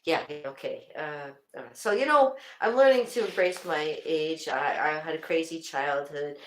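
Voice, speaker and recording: A woman's voice: low voice, normal speed, a bit bright, slight background noise. An older woman hosting a casual livestream, rambling and laughing often, with many restarts. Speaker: livestream host. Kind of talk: casual chat to viewers. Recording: echoey room.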